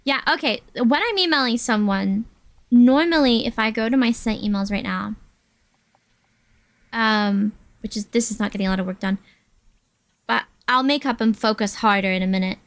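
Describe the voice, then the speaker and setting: A woman's voice: a little high, normal speed, no room sound. A woman streaming herself at work, chatting casually and rambling through asides. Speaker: VTuber streamer.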